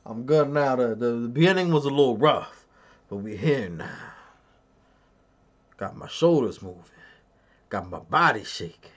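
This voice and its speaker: A man's voice: medium pitch, animated, measured pace, pauses often. Joking, boastful man streaming to chat. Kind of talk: casual live-stream chat.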